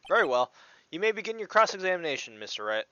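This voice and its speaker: Dude reading as a strict old judge, formal and slow, bright edge to his voice. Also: high voice, big pitch swings, lo-fi sound, a little hiss or hum, exaggerated voice. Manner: formal, measured. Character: stern older male judge presiding over court.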